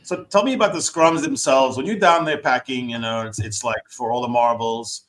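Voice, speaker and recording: A man's voice: mid-range voice, normal speed, a bit bright. A man hosting a casual podcast interview, asking long, rambling questions with fillers. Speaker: podcast host.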